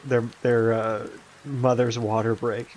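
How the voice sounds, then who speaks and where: Taking it slowly, a young man streams his game development and talks casually as he codes, rambling, cursing, and laughing often. His mid-range, darkish voice has little pitch movement, with slight background noise.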